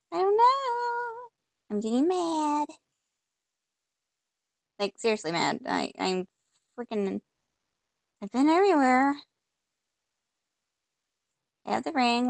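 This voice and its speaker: A woman's voice: on the high side, expressive, fairly quick, gravelly, darkish tone, no echo. A woman playing a point-and-click game, reading the on-screen text aloud and reacting with mock frustration as she goes. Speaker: gamer. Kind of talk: casual let's-play commentary.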